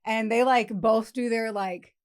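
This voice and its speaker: Animated profane woman podcast host. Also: fairly high pitch, measured pace. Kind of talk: casual podcast chat.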